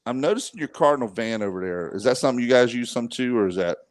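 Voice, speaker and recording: Man, live sports radio host, jokey banter, middle pitch, dry sound. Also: expressive, quick pace, dry recording. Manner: joking, bantering. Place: live at a high school football scrimmage.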